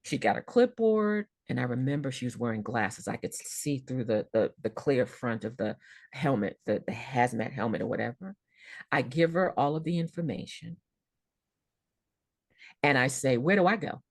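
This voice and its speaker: Podcast guest, woman, expressive storyteller; deep voice, very animated pitch. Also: normal speed, no room sound, studio quality. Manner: vivid, expressive storytelling with repeated words. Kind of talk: personal storytelling in a podcast interview.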